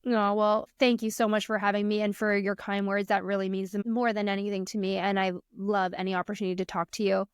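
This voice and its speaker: This woman talks a little fast with few pauses, her mid-range voice clean in tone and fairly flat in pitch, on a dry, studio-quality recording. A coach in her thirties and podcast guest, she earnestly relates parenting tales in a casual interview, mimicking her kids' lines.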